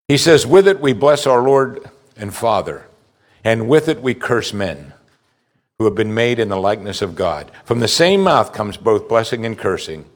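A man delivering a sermon with a lot of movement in his voice. He climbs high and loud on dramatic moments, then sinks low and slow when he reads scripture. He puts direct questions to his listeners. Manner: animated preaching, rising loud on high points, dropping low and slow for scripture. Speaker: pastor.

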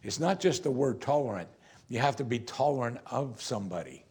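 A man preaching a sermon as pastor, asking the congregation rhetorical questions and swinging between emphatic rises and quiet, drawn-out drops. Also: medium pitch, lively intonation, breathy edge.

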